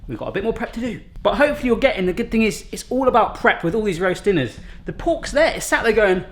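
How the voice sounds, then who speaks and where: A man's voice: sits high, sing-song, fast, few pauses, a little hiss or hum. A man hosting a casual cooking demonstration in a home kitchen, chatty and jokey, with rambling asides. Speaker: cooking channel host.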